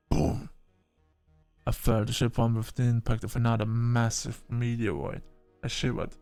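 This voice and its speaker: A man of middle pitch reading a first-person tale aloud with expressive delivery. He moves between calm narration and short, startled exclamations. Faint music plays behind him. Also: no room sound.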